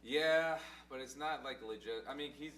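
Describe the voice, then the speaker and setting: A man's voice: medium pitch, normal speed, crowd noise. A man co-hosting a podcast, summarizing a story in a plain, matter-of-fact way. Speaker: podcast co-host. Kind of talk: casual chat. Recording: distant mic in an echoey room with hum.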